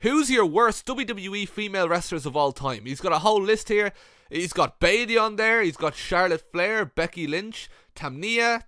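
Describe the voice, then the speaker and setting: A young man reading out viewer comments with sarcastic, mocking, deadpan commentary for a comedy video. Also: sits high, no room sound, clean studio sound. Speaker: YouTube commentator.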